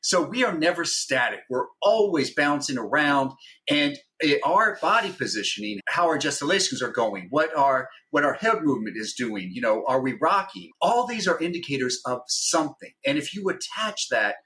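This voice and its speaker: A man with a bright, forceful voice pitched a little high for a man teaches step by step, checking in with listeners as he goes. He speaks as a podcast guest and former negotiator. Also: animated, moderate pace, a little hiss or hum. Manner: methodical, teaching step by step with frequent "right?". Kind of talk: explaining, instructive podcast talk.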